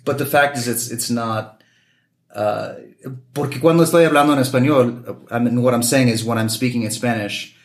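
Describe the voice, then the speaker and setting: A man talking in a casual chat, animated, switching into impressions of other people. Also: medium pitch, moderate pace. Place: Mexico City.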